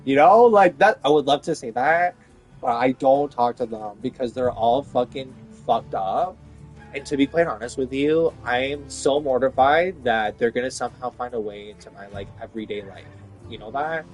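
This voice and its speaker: A man's voice: medium pitch, moderate pace, faint music behind. A man in a casual, profane rant about his workplace, exasperated and rambling, with lots of fillers. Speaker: vlogger venting about work.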